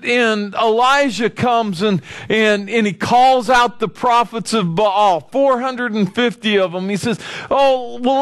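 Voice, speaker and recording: Speaking in a high voice with no room sound, a pastor delivers a sermon. He brings the story to life by performing the characters' voices and asking his listeners questions.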